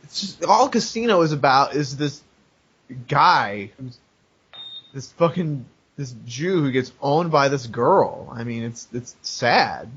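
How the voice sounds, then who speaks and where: A man argues his side as a podcast co-host, his husky voice swinging up and down and swearing freely. The audio is muffled and lo-fi. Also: mid-range voice, lively intonation, slow, fairly bright tone. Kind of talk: casual chat.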